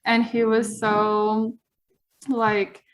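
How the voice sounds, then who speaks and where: A woman's voice: on the high side, completely flat delivery, drawn-out words. A woman chatting casually as a podcast guest, earnest and rambling, with lots of fillers. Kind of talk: casual chat.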